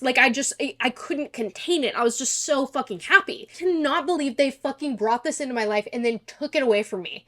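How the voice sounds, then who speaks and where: A woman giving a casual reaction commentary on a show, gushing and excitable, swearing freely. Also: high voice, fairly quick, hardly any pauses. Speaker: YouTuber.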